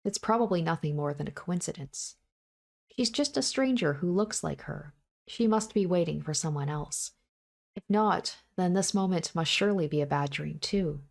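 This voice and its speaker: A woman's voice: on the low side, moderate pace, gravelly, darkish tone. A woman reading a visual novel aloud in the first person, with an intense delivery that acts out panting breaths and repeated desperate cries. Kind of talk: dramatic first-person story reading with asides.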